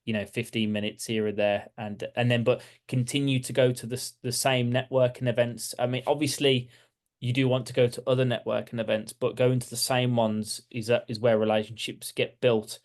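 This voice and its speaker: A man with a Brummie accent chats loosely as an interview guest, at a mid pitch. He talks in looping sentences full of "like" and restarts. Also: level tone, fairly quick. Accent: Birmingham English. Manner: chatty, many restarts and "like" fillers. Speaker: guest, architecture practice owner. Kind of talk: casual interview chat.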